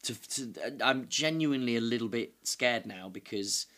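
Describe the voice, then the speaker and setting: A man's voice: mid-range voice, expressive, normal speed, pushed and bright. A young man in improvised mock true-crime chat, earnestly playing detective. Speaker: improv comedy host.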